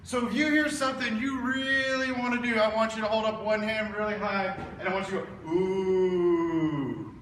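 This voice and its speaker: A man giving a loud, playful recruiting pitch to children, using call-and-response. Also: flat delivery, fast, few pauses. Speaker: district director. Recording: echoey hall, distant mic, crowd noise.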